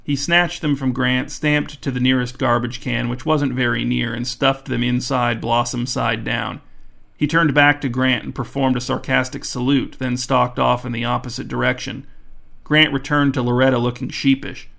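A man narrating a story in a measured, even way. His voice sits mid-range for a man and carries a gravelly, fry-tinged texture. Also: medium pitch. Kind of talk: scripted narration.

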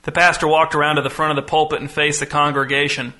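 Bright-voiced male audiobook narrator. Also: on the high side, flat delivery, quick pace.

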